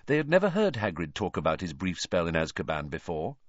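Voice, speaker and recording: A male audiobook narrator with a lowish voice, reading in a measured, storytelling way and moving his pitch about a lot. The sound is dull and dry, close up with no room around it. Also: wildly swooping pitch, no echo. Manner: measured storytelling, voicing each character. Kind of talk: scripted narration.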